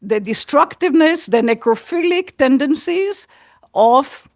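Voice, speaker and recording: A woman speaks up from the audience with a long, earnest comment, pressing her points and repeating key words. Her voice is fairly high, and the sound is dry with no room echo. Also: expressive, a little slow. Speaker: audience member asking a question. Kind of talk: unscripted comment from the floor.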